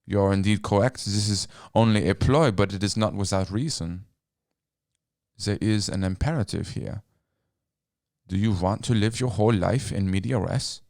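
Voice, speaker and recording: A man's voice: on the low side, normal speed, vocal fry, a little mellow, no room sound, studio quality. A man voicing a grandiose, cold vampire recruiter who preaches solemnly about immortality.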